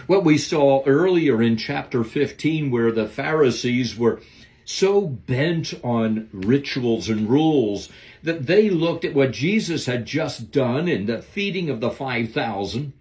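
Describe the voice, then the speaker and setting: A man's voice: mid-range voice, animated, unhurried, a little mellow. A man giving a devotional Bible lesson, preaching in an earnest, emphatic way. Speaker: Bible teacher.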